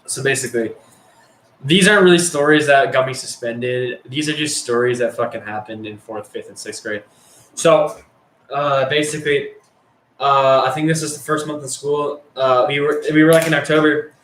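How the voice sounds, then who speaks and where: In an echoey room with slight background noise, a young man with a mid-range, somewhat bright voice shares a story from school at a normal speed. His telling is casual, rambling, profane, and full of fillers.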